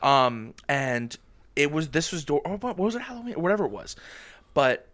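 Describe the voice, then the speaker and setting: Lively young man telling a story. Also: a little high, fairly quick. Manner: rambling storyteller, restarts often. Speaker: podcast co-host. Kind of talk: casual chat.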